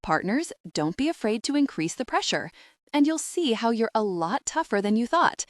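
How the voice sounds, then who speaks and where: A woman's voice: a little high, very animated, normal speed, no echo, clean studio sound, pitched above the performer's own voice. A woman voicing a firm, bossy female antenatal teacher in an audiobook. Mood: instructive. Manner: firm, instructive.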